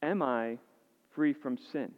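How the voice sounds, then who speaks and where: A male pastor delivers a sermon to his congregation in a medium-pitched voice at a slow pace. He poses earnest rhetorical questions to his listeners and repeats words whenever he restarts a phrase. The audio sounds dull and echoey, like a hall.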